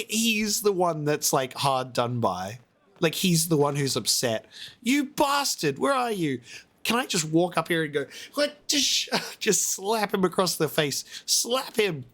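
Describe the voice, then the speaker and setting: A man's voice: on the high side, animated, measured pace, fairly bright tone. A man reacting to a video game as a let's-play host, exasperated and rambling, often swearing.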